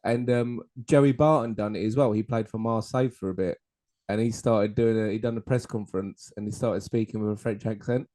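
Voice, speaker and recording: A man's voice: fairly low pitch, steady tone, a little fast, mellow. A young man co-hosting a casual podcast chat, laid-back and hesitant with plenty of fillers. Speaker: podcast co-host.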